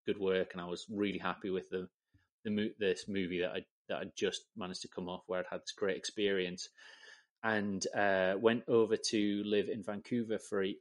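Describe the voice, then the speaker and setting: A man with an English accent, chatting as an interview guest, swearing freely and joking at his own expense. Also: fairly low pitch. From England. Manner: sweary, self-deprecating storyteller. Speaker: guest, camera assistant. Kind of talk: casual interview chat.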